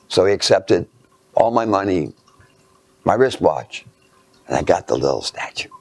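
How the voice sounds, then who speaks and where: A man lecturing through a personal anecdote, halting and self-mocking, dropping into hushed asides. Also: deep voice, very animated, vocal fry.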